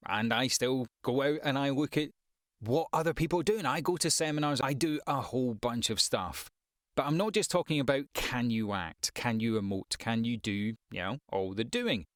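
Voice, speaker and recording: A man's voice: mid-range voice, a bit bright, no echo, studio quality. A man who works as a voice-over actor and coach, giving frank, conversational advice with wry asides. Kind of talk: advice vlog to the camera.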